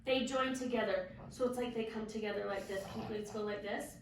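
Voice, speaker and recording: A woman teaching kindergarten children, speaking in a drawn-out, sing-song way and giving bright praise. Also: mid-range voice, fairly even intonation. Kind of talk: classroom teaching to young children. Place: classroom with children. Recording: very echoey classroom, mic far off, faint hiss.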